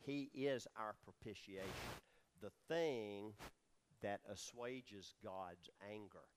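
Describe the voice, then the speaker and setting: A man's voice: fairly low pitch, takes it slowly, noisy background. A man teaching a Bible study sermon, explaining words and asking his listeners questions as he goes. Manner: explanatory, asks the audience questions, many fillers. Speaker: preacher teaching scripture.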